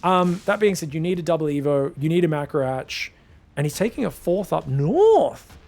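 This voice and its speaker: A man giving solo esports commentary in a chatty, joking way with excitable asides. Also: fairly high pitch, normal speed. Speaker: esports caster.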